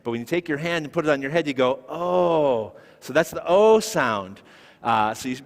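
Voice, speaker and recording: A man teaching a Hebrew lesson to a class, explaining patiently step by step and asking questions. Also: mid-range voice. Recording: echoey hall recording.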